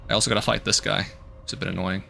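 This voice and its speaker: A man's voice: fairly low pitch, little pitch movement, racing, gravelly, bright, forceful tone, soft background music. A man streaming a video game, playfully joking, teasing the enemies and chatting to himself as he plays. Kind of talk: live gameplay commentary.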